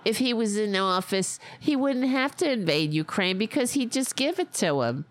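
A woman's voice: mid-range voice, animated, normal speed, few pauses. A woman podcast host with a Staten Island accent, giving sarcastic, mocking and profane political commentary. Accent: Staten Island New York.

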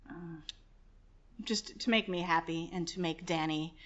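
A woman's voice: on the low side, measured pace, a bit bright. A woman hosting a podcast, chatting casually in a brash, joking, profane way. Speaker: podcast host. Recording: dull lo-fi podcast audio.

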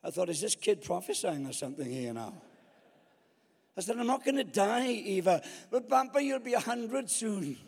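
A man's voice: high-pitched, normal speed, creaky. A man in his seventies, a guest preacher telling comic stories with self-mocking jokes. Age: 70s. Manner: jokey, self-mocking, lively anecdotes. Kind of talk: sermon with comic storytelling. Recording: long hall reverb.

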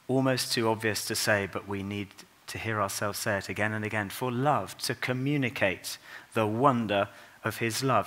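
A man preaching a Christmas sermon in a church, earnest and unhurried, dropping to a soft, quiet voice for tender passages. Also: on the low side.

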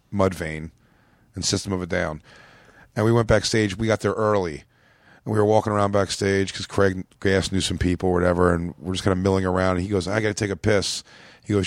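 A low-voiced American man, a comedian, tells a long story on a casual podcast. He rambles, swears freely, and bumps his voice up when he quotes people. The sound is dry and close. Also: dry recording. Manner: rambling, profane, acts out quotes in a raised voice.

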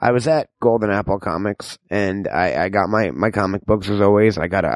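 A man spins a stammering, mock-somber comic tale as an ad read. His voice sits a bit low. The recording is close and completely dry. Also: no echo. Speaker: comedy ad reader.

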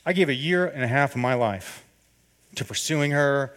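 In a sermon, a man shares a personal story with animation, acting out the dialogue. His pitch is medium and his pace moderate.

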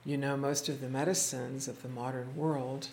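A teacher speaking to a small class, retelling stories in a reflective, unhurried way, acting out the quoted voices and often restarting words. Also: medium pitch, flat delivery, creaky, a little hiss or hum. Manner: halting restarts and repeated words. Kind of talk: storytelling talk to a small group. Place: indoor room with a small group.

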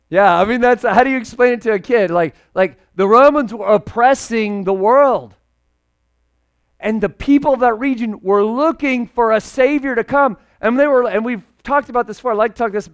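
Pastor, male, fairly high voice, smooth and clear, animated joking delivery. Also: normal speed. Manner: conversational, jokey, animated preaching. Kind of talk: casual, humorous sermon.

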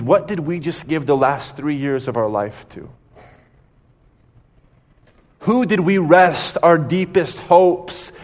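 A male pastor preaching a sermon, retelling a story dramatically with pauses. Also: on the high side, big-room sound.

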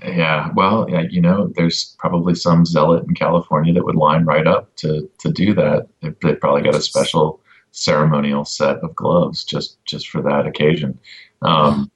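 A man on a casual podcast giving an advocacy update, halting with many ums and restarts and a dry sense of humor. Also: very deep voice, flat delivery, muffled recording.

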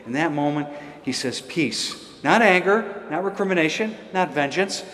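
A man's voice: on the high side, expressive, moderate pace, fairly bright tone. A man giving a homily in a conversational, storytelling way, chuckling now and then. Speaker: priest. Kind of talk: sermon. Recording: echoey church hall.

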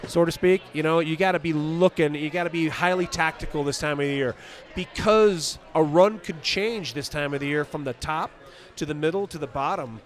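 A man who coaches skiing, talking practically and encouragingly in an outdoor interview. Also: a little high. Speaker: ski coach and exam selector.

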